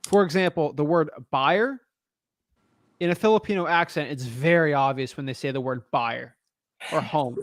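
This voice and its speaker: A man's voice: a little high, quick pace, hardly any pauses, no room sound. A man coaching a newcomer on a call, blunt and frank, calling him man and dude. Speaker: real estate wholesaling coach.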